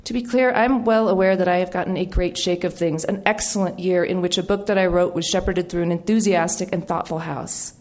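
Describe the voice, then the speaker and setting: A middle-aged woman from the United States, an author giving a storytelling talk in a wry, animated way with quoted voices. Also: on the low side, a little fast, few pauses.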